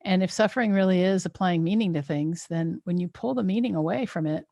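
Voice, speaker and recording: A woman's voice: lowish voice, brisk, creaky, dark tone, no room sound, highs cut off. A woman hosting a podcast in casual chat, reflective and telling personal stories. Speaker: podcast host.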